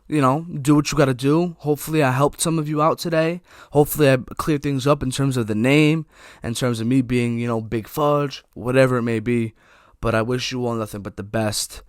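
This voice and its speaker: Young male podcast host, dry throat, loose rambling delivery, mid pitch, dead-dry close mic. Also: dry recording. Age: young adult. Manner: loose, rambling, with frequent fillers and swearing. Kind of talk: casual solo podcast talk.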